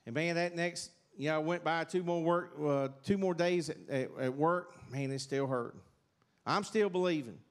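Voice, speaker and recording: A man's voice: on the high side, normal speed. A middle-aged man with a Southern accent, giving a rambling, folksy testimony in church. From South Carolina, USA. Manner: rambling, folksy, many fillers and restarts. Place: church sanctuary.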